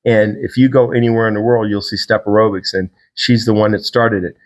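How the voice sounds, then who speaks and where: A middle-aged man hosting a podcast, telling a personal faith story in a casual, animated way and acting out the people he quotes. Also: brisk. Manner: animated storyteller, acts out quotes with big pitch jumps. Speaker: podcast host.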